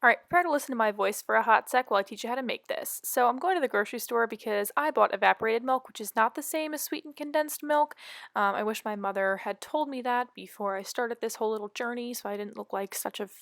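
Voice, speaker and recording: A woman's voice: a little high, fast, creaky, fairly bright tone, no room sound. A young woman narrates a cooking vlog in a loose, offhand voice-over. She jokes about herself and scatters fillers through her lines. The recording is close and dry, with no room sound. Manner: breezy and self-mocking, with frequent fillers. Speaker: vlogger.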